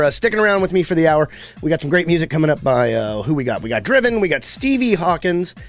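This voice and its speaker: Guy radio host rambling between songs, kinda high voice, super dry sound, jokes about himself. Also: no echo. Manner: rambling, self-deprecating, upbeat plugging. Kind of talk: casual radio DJ chat.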